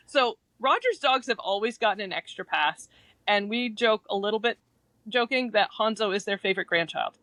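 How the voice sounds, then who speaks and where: A woman's voice: medium pitch, animated, moderate pace, fairly bright tone, no echo. A woman guest in casual chat, telling fond stories and laughing often. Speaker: podcast guest.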